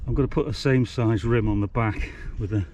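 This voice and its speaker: A man's voice: mid-range voice, a little fast, a little mellow, a little hiss or hum. A man, casually talking through his own bike repair in a vlog, chatty, blunt and self-mocking. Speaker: DIY e-bike vlogger.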